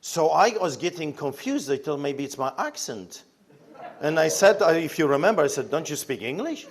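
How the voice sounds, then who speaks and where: A man's voice: a little high, animated, normal speed. A man with a Polish accent, a pastor, telling his story in an interview with emphatic, fiery delivery and pointed rhetorical questions. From Poland.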